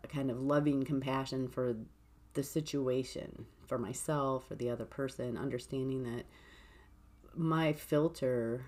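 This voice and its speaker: A woman hosting a podcast, talking through her thoughts in a gentle, reflective way. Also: extremely low pitch. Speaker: podcast host. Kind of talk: reflective solo podcast talk.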